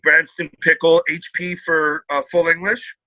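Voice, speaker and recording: A man from the United States, a podcast guest, telling lively stories in casual chat. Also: fairly high pitch, unhurried, no room sound, rough recording. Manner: animated storyteller, puts on British voices.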